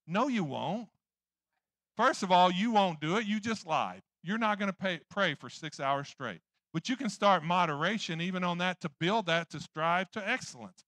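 A man's voice: sits high, expressive, moderate pace, bright, forceful tone, no echo. A man preaching a sermon in church, rambling and joking at his own expense. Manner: rambling, joking, self-deprecating.

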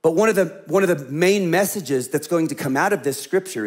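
A man with a high voice preaching a sermon as a senior pastor. He tells stories with lively energy, then sinks into quiet, slow phrases to drive a point home. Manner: animated storytelling that drops to hushed, slow emphasis.

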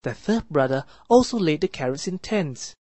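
A woman narrating a children's counting story for a math lesson, reading in a clear, deliberate and expressive way. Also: deep voice, no echo. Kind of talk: slow read-aloud children's story narration.

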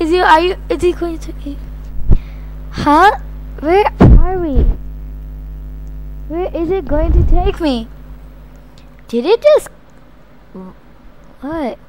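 A woman's voice: very high-pitched, expressive, takes it slowly, pauses often, heavy background noise. A young woman giving playful, dramatic play-by-play of a zombie game, often shrieking in mock panic. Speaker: gaming channel host.

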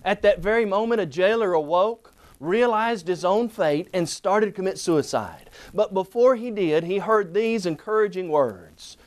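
A man's voice: high voice, expressive. Emphatic man teaching a Bible lesson. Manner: emphatic, stresses single words and slows on key phrases.

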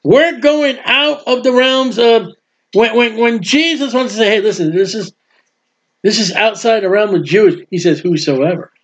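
Male preacher, high voice, emphatic sermon delivery, dull lo-fi recording. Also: moderate pace. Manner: emphatic, swings between loud proclaiming and low asides.

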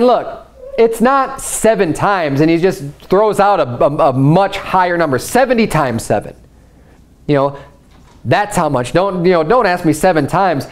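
A man pastor giving a sermon, reading scripture aloud and retelling it in casual everyday speech. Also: sits high. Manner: conversational preaching, paraphrasing scripture in everyday speech; reads scripture aloud in archaic wording.

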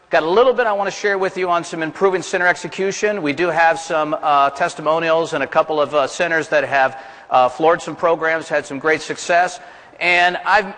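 A man's voice: on the high side, fairly bright tone. A man from the American South gives a plain-spoken, folksy seminar presentation to a conference audience, asking the room questions as he goes. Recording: reverberant conference hall.

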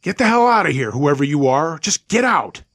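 A man voicing an angry father yelling at an intruder in the woods. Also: fairly high pitch, sing-song, normal speed, dry recording, clean studio sound, pitched above the performer's own voice, heavily acted. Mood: yelling angrily. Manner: shouting, threatening.

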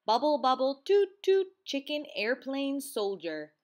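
A woman voicing an excitable, clumsy little boy frog in a storybook read-aloud, with squeaky, shouting outbursts. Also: unhurried. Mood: eager.

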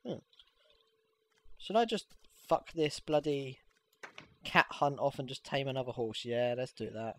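A gamer giving casual, excitable gameplay commentary, swearing freely and squealing when things go well. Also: medium pitch, a little slow, long pauses, slight background noise. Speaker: let's play gamer.

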